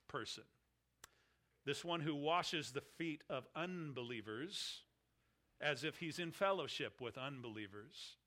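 A man preaching a sermon, reading scripture and then expounding it slowly with emphatic, falling phrase ends. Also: a little high, sharp tone. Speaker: pastor.

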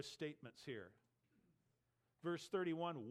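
A man's voice: a little high, sing-song, measured pace. Emphatic man teaching scripture. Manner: emphatic, rhetorical questions to listeners. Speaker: Bible teacher. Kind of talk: verse-by-verse Bible teaching.

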